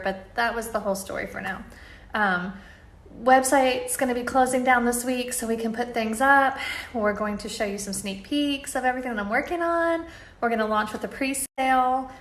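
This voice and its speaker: A woman's voice: fairly high pitch, a bit bright. Earnest, enthusiastic woman, casual and chatty, recorded in a roomy space. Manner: earnest, chatty, with many fillers and restarts; faith-filled and enthusiastic. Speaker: apparel brand founder. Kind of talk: casual talk to camera.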